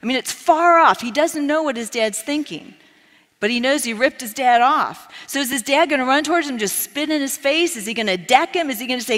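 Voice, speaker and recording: A woman's voice: high voice, fairly quick. Woman preaching in an echoing church. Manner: animated storytelling, acting out quoted lines. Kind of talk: sermon. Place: church sanctuary.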